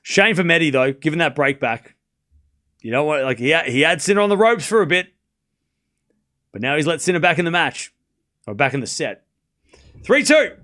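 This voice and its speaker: A man hosting a live tennis watchalong stream, giving rapid play-by-play calls and joking sarcastically with his chat. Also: fairly high pitch, lively intonation, pushed and bright. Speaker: stream host and commentator.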